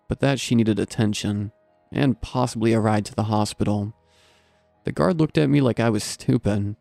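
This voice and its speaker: A man calmly narrating a scary story in a steady, low-key storytelling manner, close to the mic. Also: creaky, no echo. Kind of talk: scripted horror story narration.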